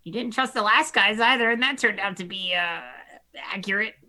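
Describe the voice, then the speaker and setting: Bright-voiced woman playing a tabletop game. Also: medium pitch, fairly quick. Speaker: player. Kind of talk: tabletop role-play.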